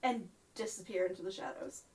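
A woman's voice: medium pitch, a little fast, rough recording. A woman playing in a tabletop role-playing game, speaking hesitantly and rephrasing herself. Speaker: player. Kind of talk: casual tabletop game play.

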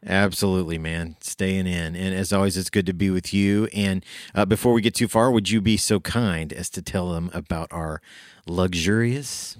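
A man hosting a podcast in a casual, upbeat chat, playful and quick to laugh. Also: deep voice, steady tone, no echo, clean studio sound. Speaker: podcast host.

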